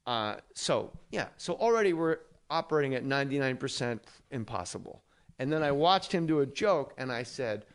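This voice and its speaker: A man with a gravelly, creaky edge to his voice hosts a comedy podcast from a studio. His pitch sits in an ordinary middle range. He tells stories casually, swears freely and acts out the people in them. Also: animated, normal speed. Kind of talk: casual chat, storytelling.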